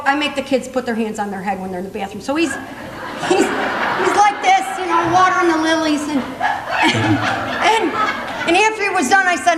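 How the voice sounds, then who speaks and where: An older woman with a high, bright-sounding voice tells funny stories to a conference audience, chuckling along the way. Her words ring through a large echoey hall, with long reverb and a faint hum of the room behind her. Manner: animated, laughing while telling stories. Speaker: motivational speaker. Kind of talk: humorous storytelling speech.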